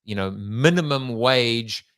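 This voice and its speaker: A man's voice: mid-range voice, expressive, slow pace, a bit bright, no echo. A man hosting a podcast interview, chatty and playful, with frequent ums. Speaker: podcast host.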